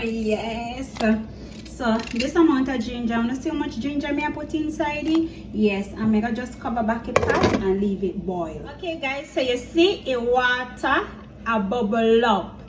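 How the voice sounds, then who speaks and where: A woman's voice: a little high, measured pace, background noise. A woman with a Jamaican accent, chatty and teasing, talking viewers through a recipe in her home kitchen. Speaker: cooking vlogger. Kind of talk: casual cooking chat. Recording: echoey kitchen, mic a bit far.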